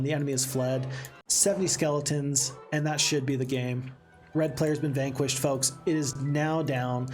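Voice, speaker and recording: A man streaming a strategy game live, chatting and reading viewer comments aloud, with sudden excited outbursts. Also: mid-range voice.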